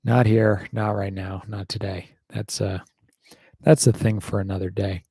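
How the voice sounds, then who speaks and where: A lowish American man drawls through a casual livestream Q&A at an unhurried pace. He rambles wryly, swears now and then, and leans on plenty of ums. The sound is close and dry. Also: flat delivery, warm tone, breathy edge, dry recording. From United States. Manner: rambling and wry, heavy on fillers, swears casually. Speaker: YouTuber hosting a livestream Q&A.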